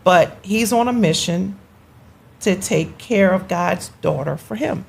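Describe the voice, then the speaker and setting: A woman chatting on a talk show about her husband, lively and teasing. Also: on the low side, takes it slowly, creaky, husky. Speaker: guest wife. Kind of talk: casual chat.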